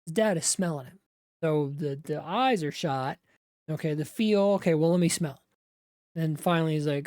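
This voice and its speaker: A woman's voice: sits low, moderate pace, darkish tone, no room sound, studio quality. A woman, a Bible teacher, retelling scripture in a conversational way, with asides to the viewer.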